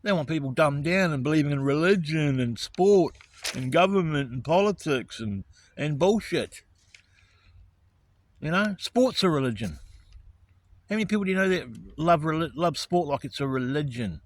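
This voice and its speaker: A man's voice: on the high side, expressive, normal speed. Profane, ranting man. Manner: angry, profane, righteous indignation. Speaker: vlogger. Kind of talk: ranting monologue to camera.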